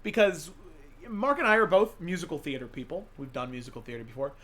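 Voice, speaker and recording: A man's voice: on the high side, sing-song, fast, a bit bright. A man co-hosting a charity stream, chatting casually and playfully teasing his co-host. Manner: playful, joking. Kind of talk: casual chat.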